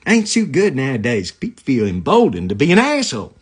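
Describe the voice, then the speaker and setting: A man's voice: medium pitch, huge pitch swings, fairly quick, husky. A man hosting a comedy live stream into a phone camera, rambling from joke to joke and greeting viewers as they join.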